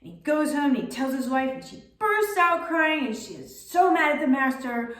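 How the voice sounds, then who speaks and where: A woman tells a folk story in a relaxed, chatty manner, slipping in little fillers. Her voice sits fairly high. The sound is roomy and the mic is some way off. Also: normal speed, distant mic. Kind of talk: spoken storytelling.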